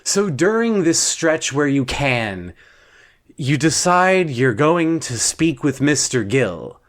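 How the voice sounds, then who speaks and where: A young man tells a strange bedtime story in the second person, taking his time over every phrase. His pitch rises and falls widely as he goes, and he keeps breaking off to correct himself with dry, deadpan remarks. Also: takes it slowly. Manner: rambling, self-interrupting, wry deadpan asides.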